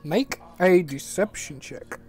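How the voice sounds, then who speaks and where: A man with an English accent narrating as game master in a calm, matter-of-fact way over an online call. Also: sits high, takes it slowly, husky, faint music behind.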